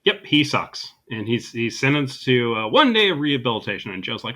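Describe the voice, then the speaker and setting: A man's voice: mid-range voice, very animated, brisk, bright, forceful tone. A man co-hosting a podcast, casually recapping a movie with dry, sarcastic humor. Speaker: podcast co-host.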